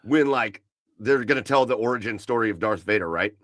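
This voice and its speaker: Relaxed male podcast co-host, dry sound. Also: lowish voice, brisk, no room sound. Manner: relaxed, rambling, enthusiastic about beer. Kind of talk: casual chat. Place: home garage.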